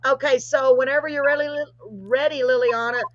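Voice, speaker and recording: A woman hosts a live stream from a video call, her voice a touch high and bright. She talks in a chatty, gushing way and apologizes readily. The sound is dull and dry, with no room around it. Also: steady tone, a little fast, dry recording. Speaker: host. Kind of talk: live call-in show chat.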